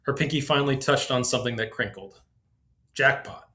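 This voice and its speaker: A man hosting a podcast, reading his own story aloud in measured, descriptive narration. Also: medium pitch, sharp tone. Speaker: podcast host.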